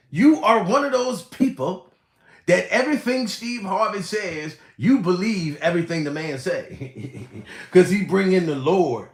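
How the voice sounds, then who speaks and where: A man hosting a comedy live stream, swearing and laughing as he talks straight to his chat. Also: sits high. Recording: roomy echo.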